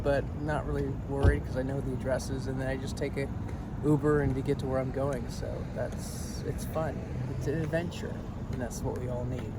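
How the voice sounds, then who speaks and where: A man's voice: a little high, very noisy. A man chatting casually as a travel vlogger, rambling and easily distracted, with dry joking asides. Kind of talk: casual vlog chat to camera.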